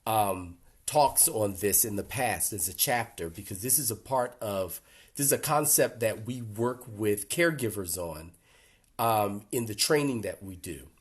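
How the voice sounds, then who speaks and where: An older man speaking earnestly to a support group in a reflective workshop talk, gently emotional, with pauses. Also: fairly low pitch, lively intonation, breathy edge.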